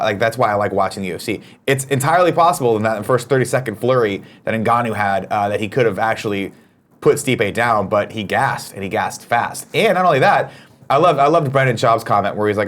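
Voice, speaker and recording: A man's voice: on the low side, a bit bright. A man hosting a casual talk show, reading viewer comments aloud and bantering with cheerful profanity.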